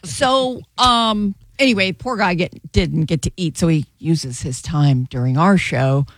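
A woman's voice: lowish voice, measured pace, no echo. A middle-aged woman co-hosting a show, chatting casually and teasing with frequent laughter. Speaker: radio show co-host. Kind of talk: casual chat.

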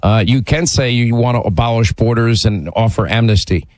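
A man's voice: mid-range voice, moderate pace, a little mellow, no echo, low-quality recording. A man hosting a political call-in radio show, talking emphatically and often repeating words as he starts a sentence. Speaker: talk radio host.

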